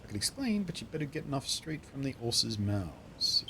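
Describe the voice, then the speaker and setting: A man's voice: medium pitch, big pitch swings, moderate pace, gravelly, pushed and bright, a little hiss or hum, voice pushed up, exaggerated voice. A man voicing a hopeful young woman from a game who wants to revive a mining town, speaking in an eager, pleading way.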